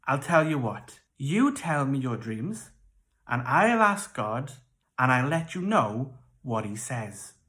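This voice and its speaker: A children's church storyteller voicing Joseph, a kind, calm young prisoner, in a gentle, reassuring way. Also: mid-range voice, slow pace.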